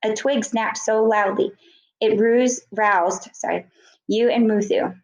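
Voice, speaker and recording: A woman's voice: a little high, steady tone, slow, gravelly, echoey room, poor audio. A woman teacher reading a book chapter aloud to students, correcting her slips and stopping to explain words.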